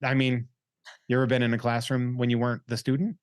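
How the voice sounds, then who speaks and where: A young man hosting a podcast in casual, rambling chat, joking around and reading out listener shout-outs. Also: mid-range voice, monotone, fast talker, smooth, no room sound, clean studio sound. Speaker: podcast host.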